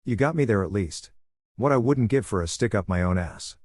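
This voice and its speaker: A man voicing a cocky, sarcastic feral male mutant mercenary in a fan story reading, low-pitched and dry. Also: lively intonation, a little fast, darkish tone, husky, no room sound. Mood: mocking. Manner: sarcastic, lazy drawl.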